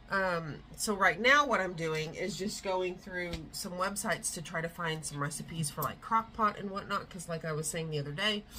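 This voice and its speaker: A woman's voice: fairly low pitch, sharp tone, a little hiss or hum, low-quality recording. Chatty woman vlogging at home. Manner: rambling, chatty, frequent fillers and yawns. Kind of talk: casual vlog chat. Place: at home, indoors. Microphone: camera on a tripod.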